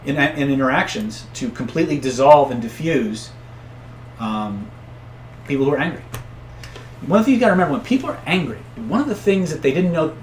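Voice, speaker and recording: A man coaching viewers on influence in a casual live-stream, often tagging points with "right?" and shouting out angry characters when he tells stories. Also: medium pitch, roomy sound, a little hiss or hum. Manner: conversational, tags points with "right?"; acts out angry voices loudly in stories. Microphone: own camera setup.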